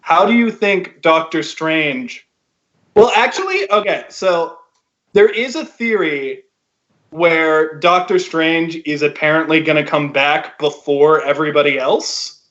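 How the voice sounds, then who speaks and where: A man's voice: on the high side, animated, unhurried, a bit bright. A man hosting a casual podcast, leading the talk and asking the others questions. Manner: leads the talk, asks questions, laughs easily. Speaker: podcast host. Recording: dull lo-fi online call.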